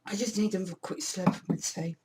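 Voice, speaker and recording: A woman's voice: medium pitch, moderate pace, darkish tone, a little hiss or hum. A woman, chatting casually and rambling in a self-deprecating way as a vlogger. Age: 40s. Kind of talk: casual monthly favourites chat.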